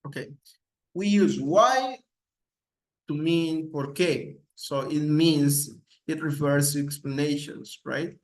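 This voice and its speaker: A man takes an English class through a grammar lesson. He speaks in an unhurried, drawn-out way and repeats every example sentence several times. His voice sits a little high for a man. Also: low-quality recording. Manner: slow, repeats each example several times, switches between English and Spanish. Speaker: English teacher.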